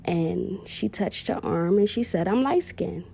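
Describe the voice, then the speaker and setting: A woman's voice: mid-range voice, measured pace, gravelly, dark tone, a little hiss or hum. A woman, heartfelt and emotional, telling viewers a personal story about her daughter and calling them "y'all".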